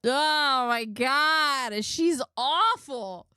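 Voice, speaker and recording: A woman's voice: high-pitched, very slow, pushed and bright, no echo, clean studio sound. A woman YouTube commentator reading texts aloud with exasperated, laughing reactions.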